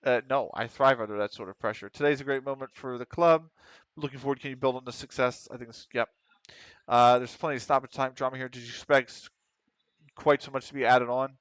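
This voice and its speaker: A man giving casual commentary on a football management game, reading questions aloud quickly and answering offhand with casual swearing. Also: medium pitch, steady tone, a bit bright, no room sound. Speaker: gaming streamer. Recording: dry, slightly dull home mic.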